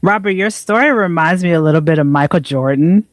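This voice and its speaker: A woman's voice: fairly low pitch, fairly quick, no room sound. Woman co-host, reflective motivational chat, dry close sound. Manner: earnest, reflective, frequent "right?" tags. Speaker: podcast co-host.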